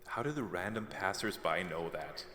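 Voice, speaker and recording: Give me a joking young man commenting on his game live, deep and bright, with a roomy echo. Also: expressive, moderate pace. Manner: joking, thinking aloud. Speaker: game streamer. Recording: long echoing reverb, faint noise.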